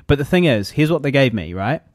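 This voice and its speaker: A man's voice: medium pitch, very animated, fairly quick, no echo. A New man co-hosting a podcast, joking and rambling with plenty of swearing. His voice sits mid-range and sounds close and dry. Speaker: podcast co-host and actor. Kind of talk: casual chat.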